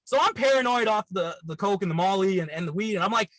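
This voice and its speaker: A man's voice: high voice, fast, no room sound, poor audio. A man in his thirties, a comedian guest telling a wild, profane party story in casual chat. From Canada. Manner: animated, profane, rambling anecdotes.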